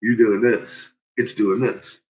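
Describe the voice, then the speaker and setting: Man, profane casual rant, husky, bright, dull lo-fi recording. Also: on the low side, steady tone, slow pace. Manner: exasperated, swearing often, laughing at his own points.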